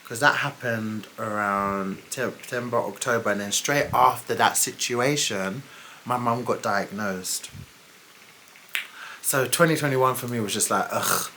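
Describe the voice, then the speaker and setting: A young woman with a low voice and a bright, sharp edge tells a personal story straight to camera. She is blunt and candid, swears without hesitation, and drops exasperated asides. Faint background noise sits under her voice. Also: unhurried. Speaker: storytime vlogger. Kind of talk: casual storytelling.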